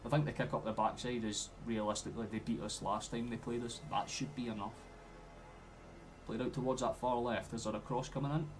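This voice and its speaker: A man's voice: mid-range voice, steady tone, fairly quick. Sweary Scottish man at a watchalong. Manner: swears freely, flares into loud outbursts at play. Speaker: streamer doing a football watchalong. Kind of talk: live match commentary to chat.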